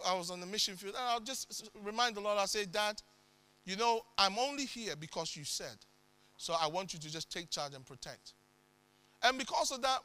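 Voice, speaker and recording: A man preaching a sermon with dramatic swings into sudden loud bursts. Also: sits high, clear, resonant tone.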